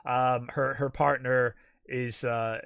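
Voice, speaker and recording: A man's voice: mid-range voice, little pitch movement, slow pace, gravelly, fairly bright tone, clean tone, no room sound, clean studio sound. Rambling man recapping a film. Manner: rambling, lots of fillers and restarts. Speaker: podcast co-host. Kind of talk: casual film review chat.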